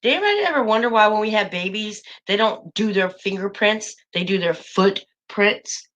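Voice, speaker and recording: Bright-voiced woman preaching to viewers. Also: medium pitch, expressive, moderate pace, dull audio. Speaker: channel host. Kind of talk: casual livestream talk to viewers.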